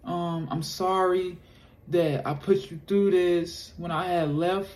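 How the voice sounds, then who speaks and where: A man voicing an anxious, apologetic young woman in a soft, pleading voice while retelling a story. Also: steady tone, slow. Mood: remorseful. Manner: soft, pleading, higher-pitched put-on voice.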